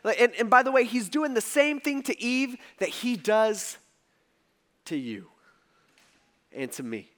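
Guy preaching casual-style, high voice, chatty and animated. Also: measured pace, pauses often. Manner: conversational, animated, swinging soft to loud. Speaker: pastor. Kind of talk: sermon.

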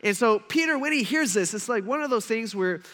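A man's voice: very high-pitched, animated, brisk, sharp tone. A male pastor preaching a sermon in a conversational storytelling manner, with plenty of casual asides.

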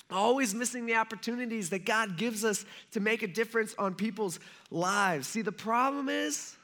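High-voiced, bright American preacher. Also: male voice. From United States. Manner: conversational preaching, acts out quotes. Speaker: pastor. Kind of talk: sermon.

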